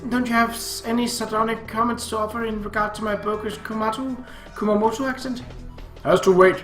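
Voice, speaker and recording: A man's voice: high voice, steady tone, brisk, fairly bright tone, voice pushed up. Man playing a meek polite girl. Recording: roomy with faint music.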